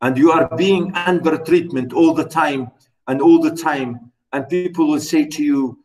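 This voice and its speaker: A man's voice: fairly high pitch, a little slow, a little mellow, far from the mic, faint music behind, poor audio. A man, teaching a literature class in a classroom, emphatic and repetitive, with many fillers. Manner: emphatic, repeats words, many "you know" fillers. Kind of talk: classroom lecture.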